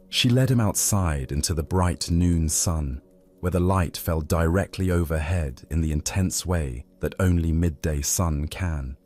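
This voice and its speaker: A man telling a Zen story as scripted narration for sleep, in a slow, soothing, even way. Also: low voice. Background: faint music.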